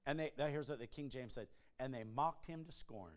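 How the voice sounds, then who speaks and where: A male pastor preaching to a congregation, emphatic and animated, swinging between loud shouts and hushed, near-whispered passages. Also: a little high, normal speed, clean tone. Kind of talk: sermon. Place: church before a congregation.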